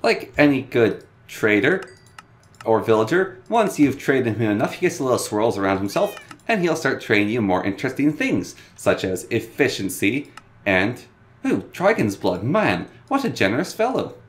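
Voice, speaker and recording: A man's voice: big pitch swings, moderate pace. A man hosting a casual, joking game tutorial in a playful manner. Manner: playful and joking, bouncing pitch.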